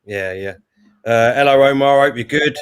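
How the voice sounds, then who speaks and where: A man's voice: mid-range voice, moderate pace, clean tone, dry recording. A man hosting a casual live stream, chatting and greeting viewers by name. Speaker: host.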